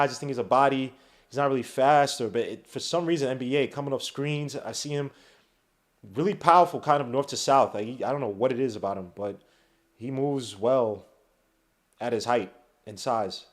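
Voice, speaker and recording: Rambling male podcast host thinking aloud. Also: mid-range voice. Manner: rambling, thinks aloud with many fillers and restarts. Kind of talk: casual solo podcast talk.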